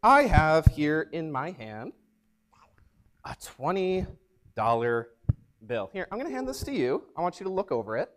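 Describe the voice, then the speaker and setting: A young man preaches to a church as its youth pastor. He is upbeat and energetic and tells vivid stories in a fairly high voice. His pitch swings widely as he talks. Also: moderate pace, pauses often. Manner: upbeat, energetic, animated storyteller. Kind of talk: youth sermon with storytelling.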